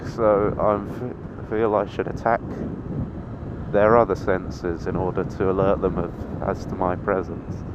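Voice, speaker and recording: A nineteen-year-old man, chatting to the camera while riding a motorbike in traffic. He swears a lot, mocks himself and breaks into excited yelps. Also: lowish voice, unhurried. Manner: sweary, self-mocking, sudden excited yelps. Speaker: motovlogger. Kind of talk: casual running commentary while riding. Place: on a motorbike in town traffic, outdoors. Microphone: helmet-mounted action camera. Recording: dull lo-fi sound with loud wind and engine noise. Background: wind, traffic and engine noise.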